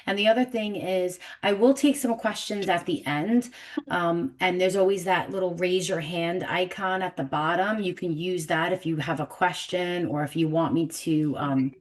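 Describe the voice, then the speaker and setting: A woman's voice: fairly low pitch, steady tone, moderate pace. Chatty New York woman hosting a webinar. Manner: chatty, self-deprecating, fumbling with tech. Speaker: webinar host. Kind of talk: casual live webinar chat. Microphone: video call.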